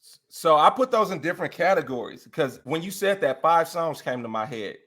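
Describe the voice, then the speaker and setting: Young man, casual chat, animated, sings bits, fairly high voice. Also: fairly quick. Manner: animated, exclaims and sings snippets, laughs often. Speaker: guest.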